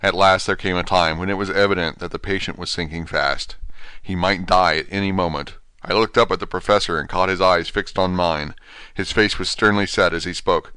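Deep-voiced man reading an audiobook. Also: steady tone, fairly quick, sharp tone, clean tone, no room sound. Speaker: audiobook narrator. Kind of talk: scripted narration.

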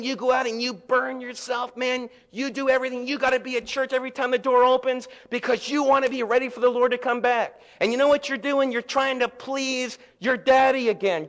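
A middle-aged male pastor preaching a sermon in a conversational way, dropping to a hush and then rising loud, in a church. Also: very high voice. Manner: conversational, swings from hushed to loud. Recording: long echo of a large hall.

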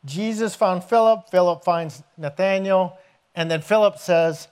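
A man preaching a sermon as pastor, telling scripture stories in an animated way and acting out the scenes. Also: high-pitched, unhurried, clear, resonant tone. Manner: animated storytelling, acts out scenes with raised voice.

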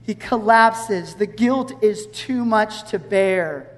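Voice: medium pitch, takes it slowly, hardly any pauses. A pastor preaching a sermon, retelling scripture as a story and acting out its scenes. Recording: long hall reverb.

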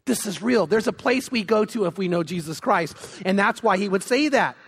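Male pastor, high voice, animated storyteller, sanctuary reverb. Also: moderate pace, husky. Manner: animated storytelling, acts out quotes. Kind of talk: sermon. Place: church sanctuary. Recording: long hall reverb.

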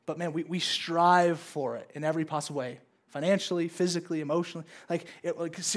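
A pastor in his thirties delivers a casual sermon to his church congregation, talking fast in a voice on the high side with fairly even intonation. He playfully acts out his kids and God in raised voices.

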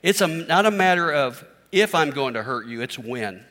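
A man's voice: on the high side, expressive, normal speed, fairly bright tone. Middle-aged man preaching in a reverberant hall. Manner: candid, self-deprecating, conversational preaching. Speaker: pastor. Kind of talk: sermon.

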